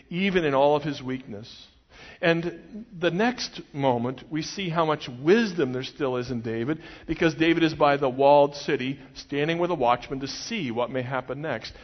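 Preacher in a reverberant hall. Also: male voice, on the high side. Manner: expressive storytelling with voiced quotes. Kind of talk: sermon. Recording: muffled recording with long hall reverb.

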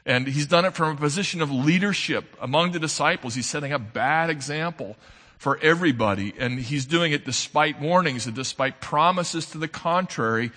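A man preaching a sermon as an earnest storyteller, swinging between loud emphasis and soft, low asides. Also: normal speed. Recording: long hall reverb.

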